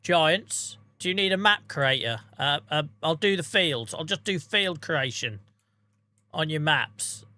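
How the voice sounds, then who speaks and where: A man's voice: on the high side, animated, a little slow, bright, forceful tone. A man streaming a farming game, chatting casually in a rambling, self-deprecating way with the odd swear. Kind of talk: casual gaming stream chat.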